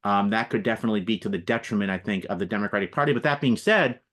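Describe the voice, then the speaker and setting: A man's voice: lowish voice, racing, fairly bright tone. A man speaking as a political analyst guest in a radio interview, explaining at length and listing names and examples.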